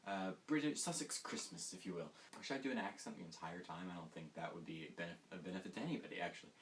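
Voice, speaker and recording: A man's voice: sits low, very fast. A man hosting a comedic monologue, rambling and mocking himself with sarcastic asides. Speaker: host. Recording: distant mic with faint hiss.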